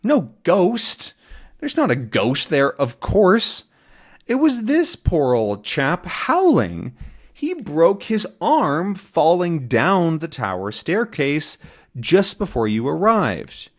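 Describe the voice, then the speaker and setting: A man's voice: on the high side, huge pitch swings, slow, voice pushed up, heavily acted. A man voicing a brave, cheerful young male reporter hero from a comic, speaking in a reassuring, upbeat way.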